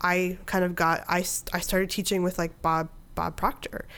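A woman's voice: lowish voice, little pitch movement, normal speed, a bit bright, clean tone. A woman in her thirties, a podcast guest, telling a personal story in casual conversation and acting out her own inner dialogue.

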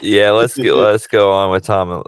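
A man's voice: fairly low pitch, steady tone, moderate pace, a crowd in the background. A man co-hosting a podcast in casual chat, mostly short jokey remarks. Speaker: podcast co-host.

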